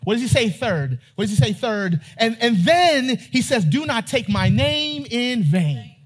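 A man preaching a sermon, reading scripture and asking his congregation questions, rising at times to near-shouting. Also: extremely high pitch, sing-song, measured pace, slightly rough. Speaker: pastor.

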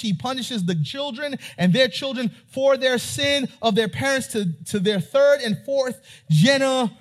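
High-voiced husky male preacher. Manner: preaching, rising to near-shouting, quizzing the congregation. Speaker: pastor. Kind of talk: sermon.

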